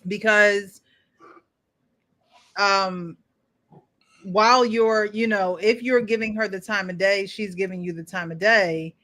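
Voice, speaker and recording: A woman's voice: mid-range voice, steady tone, takes it slowly, long pauses, sharp tone. A woman hosting a panel in casual chat, playful and teasing, often breaking into laughter. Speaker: panel host.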